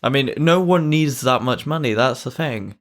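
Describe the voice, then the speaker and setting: A man in a casual podcast chat, measured and earnest as he checks facts. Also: medium pitch, animated. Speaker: podcast co-host.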